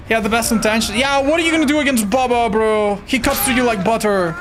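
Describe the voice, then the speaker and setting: A man streaming live gameplay, commenting excitably, swearing often and talking to his chat. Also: sits high, fairly quick, hardly any pauses, over music. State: tired.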